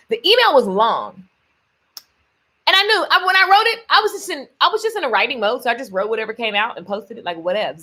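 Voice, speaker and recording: A woman's voice: fairly high pitch, bright, forceful tone. A woman giving a playful, ranting motivational faith talk to her viewers and calling them baby and honey. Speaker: faith-based lifestyle vlogger.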